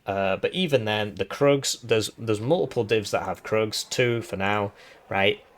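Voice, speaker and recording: A man with a hoarse, tiring voice, casually explaining strategy game tactics and often adding "right?". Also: fairly low pitch, a little slow. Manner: chatty, explanatory, tag questions. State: hoarse, voice giving out. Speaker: gaming video host.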